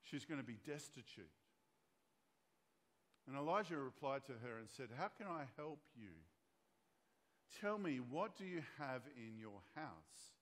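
A man's voice: mid-range voice, sing-song, measured pace, pauses often, a bit bright. Man, pastor, sermon, storytelling with acted voices, church hall reverb. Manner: storytelling, acting out voices of the characters.

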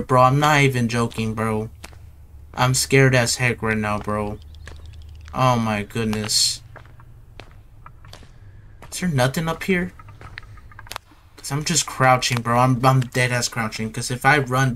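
A young man talks through a horror game in a jumpy, nervous way, circling back to the same worries and ending his phrases with "bro". His voice sits at an ordinary middle pitch. A faint hiss runs underneath. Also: fairly even intonation, moderate pace, long pauses, bright, forceful tone. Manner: jittery, nervous, repeats himself, ends phrases with "bro". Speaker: gaming YouTuber. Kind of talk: casual horror game commentary.

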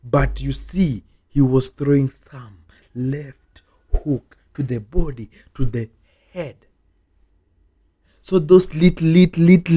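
A man's voice: a little high, mellow. A man vlogging a repetitive reaction rant, sounding exasperated and repeating the same phrases over and over. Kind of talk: repetitive ranting vlog reaction.

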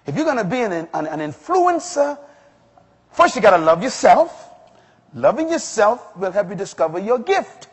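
Animated preacher man in echoing hall. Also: sits high, moderate pace, husky. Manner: emphatic, preacherly, rising to exclamations. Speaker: pastor. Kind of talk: sermon. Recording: long hall reverb.

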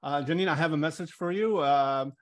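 A man from Canada speaking on a casual online call, halting and repeating his words. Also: fairly high pitch. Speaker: guest.

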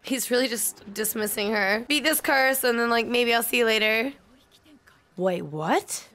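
A woman's voice: on the high side, unhurried, a bit bright. Emotional young woman reacting to anime. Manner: emotional, swearing, gasping and pleading at the screen. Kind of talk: live reaction to an anime episode.

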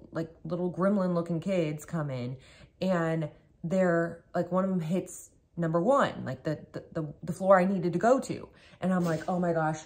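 Woman vlogger, lowish voice, chatty and rambling, home kitchen. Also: a little mellow. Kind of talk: casual vlog chat.

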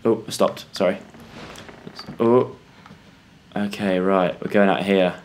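A man's voice: low-pitched, fairly even intonation, slow pace, a little hiss or hum. A young British man commentating a horror game for viewers, jumpy and yelping when scared. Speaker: gaming YouTuber. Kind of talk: let's play commentary.

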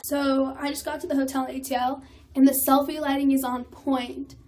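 A woman's voice: sits high, flat delivery, brisk, background noise. A young woman doing short comedy sketches to camera, playful and sing-song, often breaking into song. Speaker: vine comedian. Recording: loud music and crowd behind.

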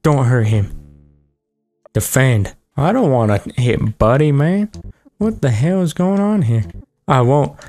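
A man's voice: medium pitch, animated, slow pace, pauses often, mellow, faint music behind. A man giving joking, profane let's play commentary as host of a gaming video. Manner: joking, profane, reacting aloud.

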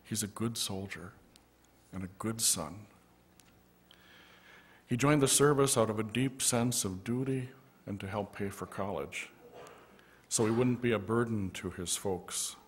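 Brief: male pastor, slightly low voice, gentle storyteller in a church sanctuary. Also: a little slow, pauses often, slight background noise. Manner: gentle storytelling with soft asides. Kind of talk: storytelling sermon.

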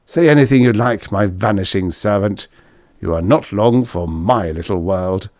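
A man voicing an excitable, impulsive man in a storybook reading. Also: fairly low pitch, normal speed, no room sound, clean studio sound, lightly acted. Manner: excitable, exclaiming. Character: excitable, impulsive middle-aged man, frazzled android owner.

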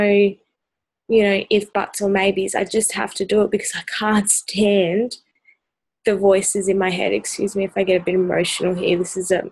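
An exhausted Australian woman talks straight to camera in a personal vlog, her voice low on energy and gravelly with fry. She speaks in a flat, even line, stopping often on ums as she searches for words. The sound is dry and close. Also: dry recording, rough recording. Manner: hesitant, full of ums, earnest. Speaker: vlogger.

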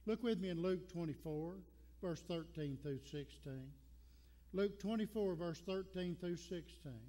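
A man with a Southern American accent delivers a Sunday sermon, his voice sitting high. He tells folksy stories and repeats key lines for emphasis. The sound carries a long church reverb. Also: animated, measured pace, mellow. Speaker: pastor. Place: church sanctuary.

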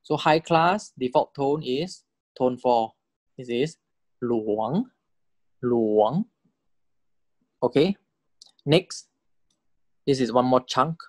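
A man's voice: slow pace, pauses often, no room sound. A man teaching a recorded language lesson, patiently explaining spelling and tones. He often checks in with "correct?" and models each example word several times. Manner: patient, checks understanding with repeated "correct?" and "okay?"; repeats example words several times with rising and falling pitch to model tones.

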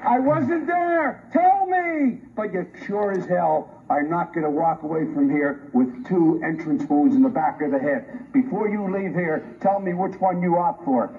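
Faint hiss and a muffled lo-fi quality mark this archive recording of a man whose voice sits high. Unhurried and with few pauses, the forensic pathologist on a review panel gives a colleague a combative, sarcastic, emphatic speech in heated public debate.

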